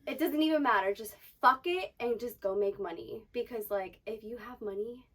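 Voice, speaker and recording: A woman's voice: fairly high pitch, moderate pace, a bit bright, slightly rough, distant mic. A young woman co-hosting a casual chat, giving blunt, profane pep talk. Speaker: podcast co-host, dancer.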